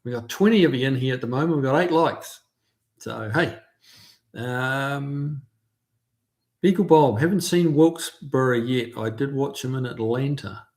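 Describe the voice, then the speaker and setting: A man chats casually through a home livestream. His voice sits at an ordinary middle pitch. He rambles in a friendly way, filling the gaps with ums and uhs. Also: unhurried, a little mellow. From New Zealand. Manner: chatty, friendly, lots of fillers. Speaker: livestream host. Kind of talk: casual live chat reading viewer comments.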